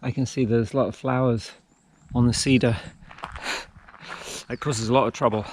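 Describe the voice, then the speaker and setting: A man's voice: medium pitch, steady tone, normal speed. A man narrating his trail run in a casual, self-mocking vlog, talking to himself out on a mountain trail. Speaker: trail-running vlogger.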